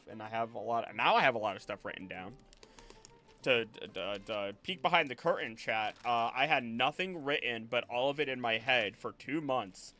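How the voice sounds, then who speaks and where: A man's voice: medium pitch, sharp tone, a little hiss or hum. A man who runs a tabletop game, chatting casually with his live chat and rambling with frequent restarts and laughs. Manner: rambling, self-correcting, laughs often. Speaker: game master.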